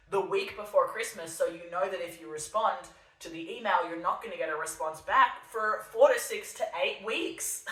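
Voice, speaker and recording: An Australian woman, young, hosts a solo monologue podcast aimed at an absent listener, her voice low-ish, bright and forceful. Her tone is sardonic and darkly self-mocking, and the distant mic gives a roomy sound.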